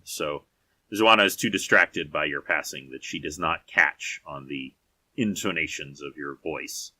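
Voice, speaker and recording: A man's voice: a bass voice, pushed and bright, no room sound. A man narrating as game master of a tabletop game, descriptive, with frequent fillers and restarts.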